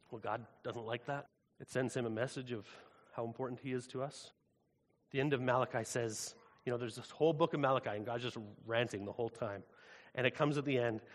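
A man preaching a sermon in a casual, animated, conversational way. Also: mid-range voice. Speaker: pastor. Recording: long hall reverb.

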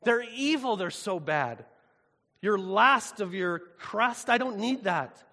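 A preacher acting out an angry, indignant God with loud, drawn-out outrage in a reverberant hall. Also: male voice, high voice, animated, pitched above the performer's own voice, full character voice. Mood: furious. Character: furious booming God, wrathful and indignant.

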